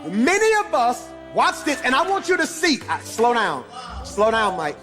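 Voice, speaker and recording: Male pastor, preaching in a high voice with a sung cadence and calls to the congregation, faint music underneath. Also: wildly swooping pitch, normal speed. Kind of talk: sermon.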